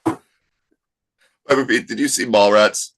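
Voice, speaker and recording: A man's voice: on the low side, slow pace, fairly bright tone. A man co-hosting a podcast, tossing out questions in a dry, offhand way during casual banter. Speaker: podcast co-host.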